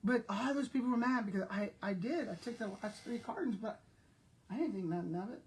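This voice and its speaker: A woman's voice: a little high, animated, brisk, slight background noise. An older woman from South Texas, a retired school principal, chatting casually and telling everyday stories straight to her viewers. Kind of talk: casual chat.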